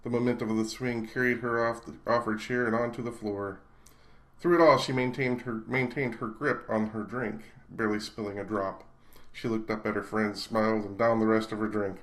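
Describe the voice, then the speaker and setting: A man's voice: lowish voice, little pitch movement, normal speed. A man reading his own short story aloud in a casual, unpolished way, stumbling and correcting himself. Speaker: author and reader.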